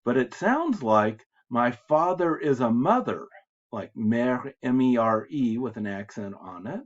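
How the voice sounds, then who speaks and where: A man's voice: medium pitch, expressive, unhurried. An American man teaching French reading, who reads French phrases aloud and then patiently explains them in English. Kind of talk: recorded lecture explaining translations. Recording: slightly dull lo-fi lecture audio.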